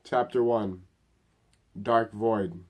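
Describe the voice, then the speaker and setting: A man on his vlog who greets viewers brightly and then reads his own book aloud with dramatic emphasis. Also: fairly low pitch, fairly even intonation, extremely slow.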